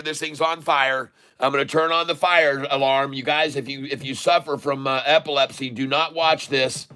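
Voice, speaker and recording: Bright, hyped-up male day trader. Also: mid-range voice, steady tone, smooth. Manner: showman hype, drawn-out exclamations, repeats prices. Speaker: day trader streaming live. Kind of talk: live trading commentary.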